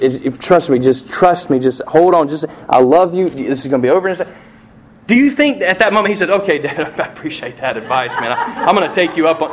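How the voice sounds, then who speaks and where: Middle-aged pastor preaching a sermon. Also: male voice, on the high side. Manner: storytelling with vivid acted-out quotes and swings in loudness.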